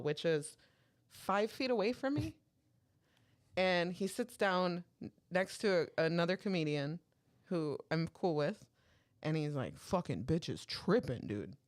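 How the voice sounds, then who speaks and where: A woman with a somewhat low voice tells a story to her co-host in relaxed podcast chat. She swears freely and slips into each character's lines as she goes. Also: moderate pace, smooth. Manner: animated, swearing, acts out dialogue.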